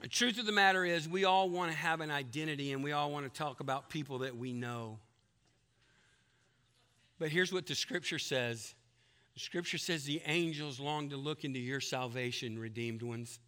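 A man's voice: moderate pace, smooth. A man preaching a sermon, emphatic, telling a long joke and acting out its characters. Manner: plays characters in a told story with big pitch jumps; drops to a soft, hushed delivery.

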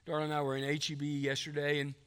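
Folksy pastor, fairly high voice, preaching in a big echoing sanctuary. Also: male voice, completely flat delivery, quick pace, fairly bright tone, clear, resonant tone. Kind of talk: sermon. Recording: long hall reverb.

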